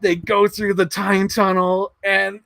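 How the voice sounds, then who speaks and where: A man hosting a livestream, chatting excitedly and rambling, swearing freely as he talks. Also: medium pitch, normal speed, no echo. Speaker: livestream host. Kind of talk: casual chat.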